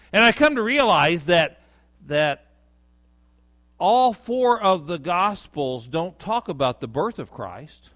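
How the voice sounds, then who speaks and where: A male pastor giving a sermon in a conversational way, speaking softly on reflective lines and rising for emphasis. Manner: conversational preaching, rising with emphasis on key points; drops to a soft, low voice for reflective lines.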